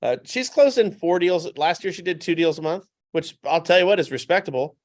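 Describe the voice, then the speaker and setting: A man with a fairly high voice talks as a guest on a casual podcast. He tells stories with animation and drives points home by repeating them. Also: a little fast. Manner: animated anecdotal storytelling; emphatic, repeats points for effect.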